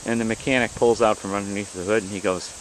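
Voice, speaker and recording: A man telling jokes in a halting, rambling way, pausing often to search for words. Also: lowish voice, fairly even intonation. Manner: rambling, halting storyteller with many "uh"s. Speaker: joke teller. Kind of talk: casual joke telling. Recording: noisy outdoor recording with crickets.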